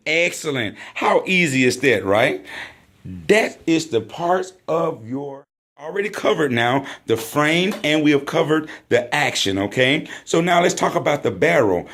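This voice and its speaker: A man's voice: on the high side, a bit bright. A man teaching a hands-on training class, praising often and calling out drill commands. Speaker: firearms instructor.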